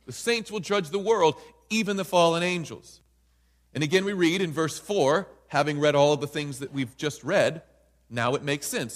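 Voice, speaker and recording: A man's voice: a little high, moderate pace, long reverb tail. A man preaching a Bible study sermon in an emphatic way, often checking in with listeners by asking "right?".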